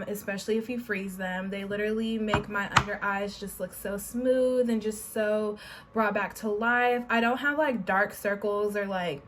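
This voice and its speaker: A woman's voice: mid-range voice, fairly bright tone, slight background noise. Bubbly young woman vlogging at home. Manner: bubbly, peppers talk with "honey" and "period". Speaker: beauty vlogger. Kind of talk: casual vlog chat.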